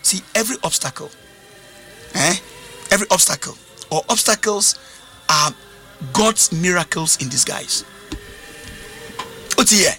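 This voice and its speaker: A man's voice: high voice, expressive, a little slow, long pauses, sharp tone, faint music behind. A man preaching a sermon, emphatic, repeating his key phrases.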